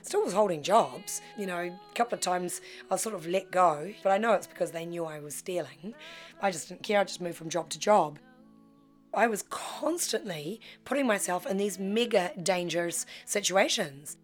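A woman's voice: fairly low pitch, normal speed, soft background music. A middle-aged woman, telling her own life story frankly and acting out the voices in it. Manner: frank, animated, acts out quoted voices. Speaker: guest storyteller. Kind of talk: personal storytelling.

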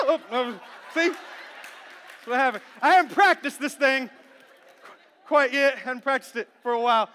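A man in his thirties preaching an animated sermon as a pastor, playful, moving from quiet talk into shouting. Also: extremely high pitch, normal speed. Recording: long church hall reverb.

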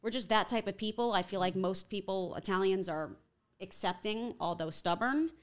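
A woman with a Long Island accent, a TV reporter guesting on a podcast, chatting in an animated way and laughing easily. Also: medium pitch, moderate pace. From Long Island, New York. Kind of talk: casual chat.

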